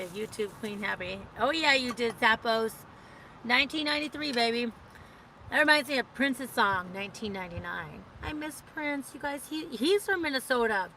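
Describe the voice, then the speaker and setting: A woman's voice: fairly high pitch, pushed and bright, slight background noise, low-quality recording. A woman hosting a casual livestream, chatting in a rambling way and reading out viewer comments. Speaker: livestream host.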